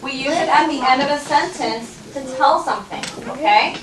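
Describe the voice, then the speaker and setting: High-voiced woman teaching a classroom. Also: normal speed, recorded from a distance. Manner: patient, coaxing, checks in with frequent "okay?". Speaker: first-grade teacher. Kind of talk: classroom reading lesson. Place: elementary school classroom. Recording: roomy classroom recorded from afar, noisy.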